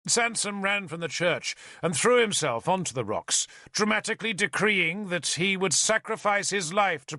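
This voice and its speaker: A man narrating an audiobook in an expressive storytelling manner. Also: a little high, no room sound, clean studio sound.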